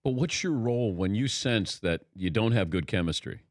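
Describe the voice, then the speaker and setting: A man's voice: fairly low pitch, expressive, normal speed. A man hosting a sports talk show, asking curious questions and laughing easily. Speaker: radio talk show host. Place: studio.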